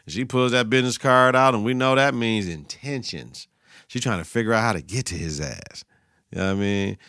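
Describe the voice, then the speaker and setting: A man's voice: on the low side, expressive, brisk, fairly bright tone, smooth, dry recording, studio quality. A man hosting a podcast, recapping a TV episode in casual, profane, slang-heavy talk and talking back at the characters. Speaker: podcast host.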